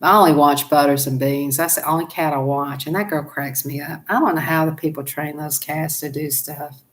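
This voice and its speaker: A woman's voice: low voice, normal speed. A woman with a Southern US accent, hosting a casual chat to her viewers, talking chattily, laughing often and acting out little voices. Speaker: channel host.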